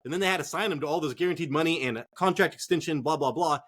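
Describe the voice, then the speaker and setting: A man's voice: fairly high pitch, quick pace, a bit bright. A man co-hosting a fantasy football show from a cold garage, rambling and joking with plenty of swearing. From Northern California. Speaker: podcast co-host. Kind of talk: casual profane sports chat.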